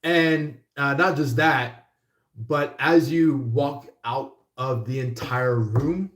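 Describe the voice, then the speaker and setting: A man rambles through a casual tarot reading, leaning hard on fillers and acting out bits of dialogue. He talks at an unhurried pace and a middle pitch, and the room around him echoes. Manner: rambling, heavy with fillers, acts out quotes. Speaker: tarot reader.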